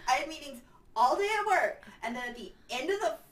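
A woman's voice: high-pitched, lively intonation, brisk, fairly bright tone, roomy sound. A woman playing a frazzled, apologetic female superfan who swears as she tells stories. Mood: flustered. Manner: breathless storytelling, apologetic and swearing.

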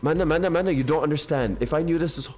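A young man streaming a video game live, chatting excitably in slang with his viewers. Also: fairly high pitch, racing, loud music behind the voice. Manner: excitable slangy banter with chat.

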